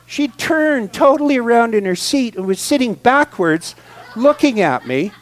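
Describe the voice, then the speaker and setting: A man giving a guest talk at a spiritual center, telling a humorous personal story in an animated, expressive way, moving from loud excitement to quiet asides. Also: extremely high pitch, unhurried. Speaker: guest speaker.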